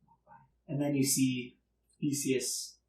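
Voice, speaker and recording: A man running a tabletop game as game master, narrating in a relaxed, hesitant way. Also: mid-range voice, takes it slowly. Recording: roomy, distant mic.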